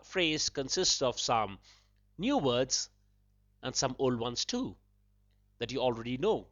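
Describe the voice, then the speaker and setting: A man hosting a podcast language lesson, patiently repeating phrases slowly and breaking them into single words. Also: medium pitch, a bit bright, no room sound. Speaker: podcast host teaching a language. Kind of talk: slow spoken language lesson. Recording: dull lo-fi dry recording.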